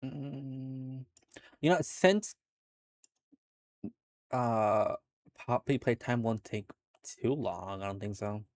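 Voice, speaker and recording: In a studio-quality, dry recording, a young adult man chats casually with viewers on his home stream. He speaks at medium pitch and a slow pace with long pauses, staying laid-back, laughing frequently and swearing occasionally.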